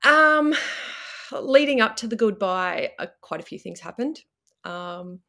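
Woman, Australian accent, gravelly voice, hesitant, many ums, personal story guest. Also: medium pitch, expressive, a little slow, pushed and bright.

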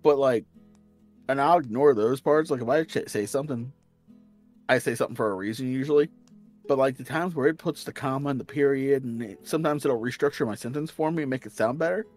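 A man's voice: mid-range voice, a little fast, darkish tone, soft background music. A man with a slight Southern US accent, chatting casually on a stream and rambling, with restarts and casual swearing. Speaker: stream guest. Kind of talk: casual chat.

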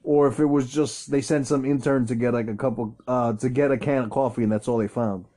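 Mellow-voiced man chatting playfully. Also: medium pitch, fairly even intonation, a little fast. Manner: playful, teasing, rambling. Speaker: podcast co-host. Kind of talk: casual chat.

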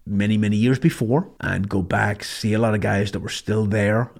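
A man's voice: fairly low pitch, fairly even intonation, moderate pace, creaky, a little mellow. A middle-aged man from Ireland telling stories in a blunt, matter-of-fact way, with casual swearing. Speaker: podcast host, former sniper instructor. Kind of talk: casual storytelling monologue.

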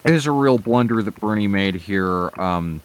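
A man's voice: fairly low pitch, animated, normal speed, smooth. A man giving casual, sarcastic commentary with lots of hesitant fillers and some swearing.

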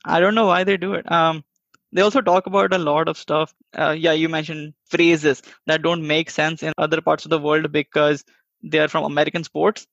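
Podcast co-host, man from India, wry, gravelly, a bit higher voice. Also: level tone, normal speed, fairly bright tone, no echo, muffled recording. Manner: wry, laughs while talking. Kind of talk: casual chat.

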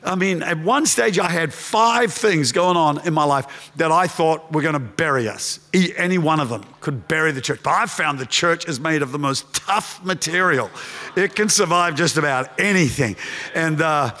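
Impassioned pastor, bright high voice. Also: male voice, animated, normal speed. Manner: impassioned, rises to shouting then drops to hushed storytelling. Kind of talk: sermon. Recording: long hall reverb.

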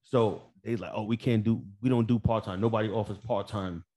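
A man's voice: fairly low pitch, fairly quick. A man telling a work story on a podcast, swearing freely and acting out the dialogue. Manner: profane, animated, acts out dialogue. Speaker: podcast co-host. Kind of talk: casual storytelling chat.

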